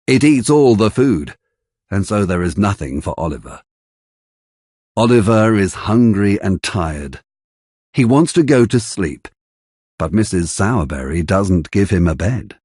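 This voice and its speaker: Slow, husky male storybook narrator. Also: low-pitched, dry recording, clean studio sound. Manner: careful, deliberate, expressive delivery. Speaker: audiobook narrator. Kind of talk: slow graded-reader narration.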